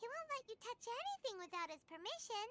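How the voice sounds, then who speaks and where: A woman voicing a tiny, excitable female fairy companion in a video game, who talks about herself in the third person. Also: quick pace, heavy background noise. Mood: chatty. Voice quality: high, squeaky, speaks of herself in third person. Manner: indignant outbursts, bubbly. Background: game music.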